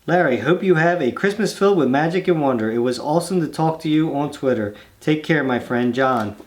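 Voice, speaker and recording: Fairly quick and with lively intonation, a man whose voice sits a little high reads fan mail on his own channel. He breaks up the letters with casual, meandering, easygoing commentary.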